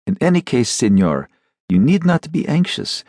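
A man voicing a calm, indifferent male town secretary who lectures dryly, in an audiobook reading. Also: medium pitch, normal speed, pitched above the performer's own voice.

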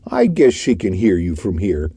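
A man's voice: low-pitched, very animated, normal speed, mellow, slightly rough, dry recording, full character voice. A man playing a stern, suave detective. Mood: commanding. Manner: commanding, contemptuous.

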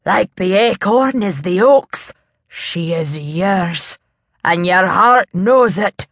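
A woman's voice: expressive, no room sound, clean studio sound. A woman narrator voicing a grave, reproachful Scottish man, cousin to a dying laird, in an audiobook. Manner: low, measured, reproachful. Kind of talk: audiobook character voice.

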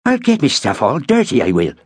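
A man's voice: mid-range voice, fairly quick, breathy edge, no echo, clean studio sound, voice pushed up. A man lifting his voice for a chatty young soldier. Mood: indignant. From Birmingham. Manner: rambling, lively and bright-eyed.

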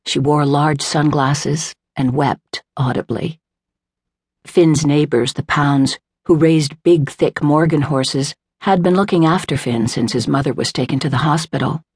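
A woman reading a literary novel aloud in a measured, unhurried way, voicing the characters lightly. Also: deep voice, a little mellow, husky, no room sound, clean studio sound. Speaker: audiobook narrator. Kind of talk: scripted narration. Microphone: close studio mic, dry.

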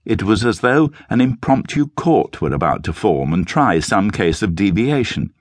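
Deep, very expressive male narrator. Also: no echo. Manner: measured, expressive storytelling. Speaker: audiobook narrator. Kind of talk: scripted narration.

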